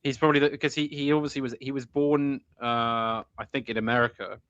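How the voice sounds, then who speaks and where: A man's voice: mid-range voice, level tone, fairly quick, fairly bright tone, smooth, no echo, highs cut off. A man in casual conversation, chatty, who laughs often and likes mimicking voices. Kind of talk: casual chat.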